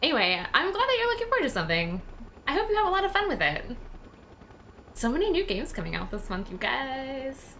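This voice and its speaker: A bubbly woman streamer chats to her viewers while playing, her voice lively and swooping. It sits fairly high. A faint hum of noise sits behind her. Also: brisk. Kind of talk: live game stream chat.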